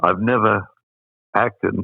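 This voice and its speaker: An older man with an Australian accent, telling stories as an interview guest, rambling with many pauses and fillers. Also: fairly low pitch, fairly even intonation, vocal fry, no echo. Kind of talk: anecdotal storytelling. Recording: dry, phone-like sound.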